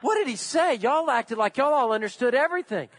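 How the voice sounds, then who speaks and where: A man's voice: very high-pitched, animated, fairly quick. A man voicing a young woman from Texas who is baffled and asks questions. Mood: bewildered. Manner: bewildered asking.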